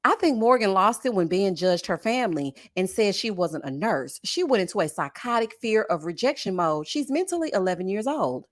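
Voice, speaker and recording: A middle-aged woman hosts reality TV commentary, reacting dramatically and reading viewer comments with sass and laughter, calling people honey and child. Her medium-pitched voice is animated, a little fast, with few pauses.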